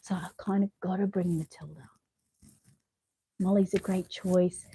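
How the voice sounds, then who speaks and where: An Australian woman chatting casually at home as she shows off outfits, rambling and often dropping to a hushed voice. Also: lowish voice, steady tone, measured pace, slightly rough, no echo. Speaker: vlogger showing reborn dolls. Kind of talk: casual show-and-tell chat. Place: home bedroom.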